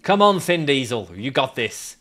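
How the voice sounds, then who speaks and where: A young man streaming a climbing game, ranting and swinging between mock calm and yelling at his character. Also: medium pitch, normal speed. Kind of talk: gaming stream commentary.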